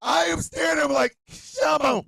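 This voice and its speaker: A man hosts a comedic internet radio show, talking straight at his listeners in crude slang and often breaking into shouts. His high voice leaps all over the place and carries a gravelly edge. The sound is dry and close, with no room around it. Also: normal speed, no echo, rough recording. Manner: loud, animated, often shouting and laughing.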